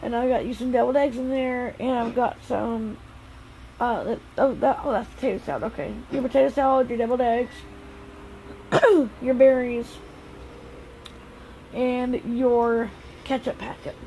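Woman, mother, casual vlog, outdoors, high voice, chatty, reassuring. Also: steady tone, normal speed, creaky, long pauses, dark tone, a little hiss or hum, rough recording. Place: outdoors on a path.

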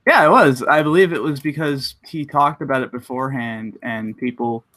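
A man on a podcast speaks hesitantly, pausing on fillers as he recalls things. His voice sits at an ordinary middle pitch. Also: fairly bright tone. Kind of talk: casual chat.

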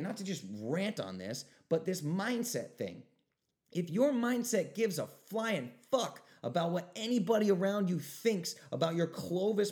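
A young man hosting his own podcast, ranting emphatically and swinging between loud outbursts and quieter asides. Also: high voice. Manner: animated, emphatic ranting with mocking voices. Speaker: podcast host. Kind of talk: solo podcast rant.

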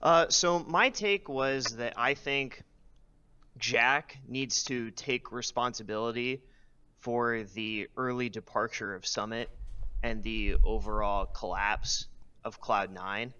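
A man calling in to a show, laying out a prepared opinion at length in an articulate, steady way. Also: mid-range voice, takes it slowly, clear, resonant tone. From US West Coast. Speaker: caller. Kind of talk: call-in opinion take. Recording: dull lo-fi call audio.

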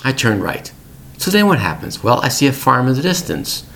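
A man's voice: medium pitch, very animated, moderate pace, creaky, a bit bright, a little hiss or hum. A middle-aged man hosting an English-learning podcast, telling a family story in plain, repetitive words for learners.

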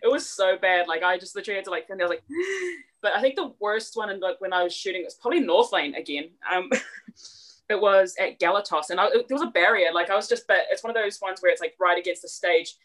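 A young woman with a New Zealand accent, a podcast guest telling stories in casual chat, quick and full of fillers. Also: fairly low pitch. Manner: rapid, animated storytelling with many fillers.

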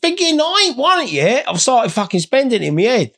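A man's voice: extremely high pitch, huge pitch swings, brisk, fairly bright tone. A man telling rambling, sweary comic anecdotes in a blokey way. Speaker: storyteller. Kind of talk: comic storytelling.

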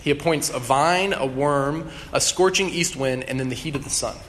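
A man's voice: medium pitch, moderate pace, fairly bright tone. A young adult man preaching a conversational sermon with casual ums and restarts. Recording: long hall reverb, faint room noise.

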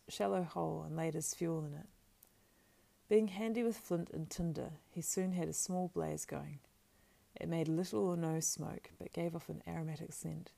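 Gravelly woman reading a storybook aloud. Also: sits low. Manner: steady, measured reading with small slips. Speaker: audiobook narrator. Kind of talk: storybook narration.

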